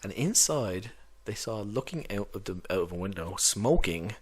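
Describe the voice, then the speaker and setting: A man with a very low, deep voice talks through his favourite tabletop books in a loose, rambling way. He keeps it casual and chatty, with plenty of fillers and asides. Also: animated, moderate pace, breathy edge. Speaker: tabletop game master reviewing books. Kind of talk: casual rambling book review.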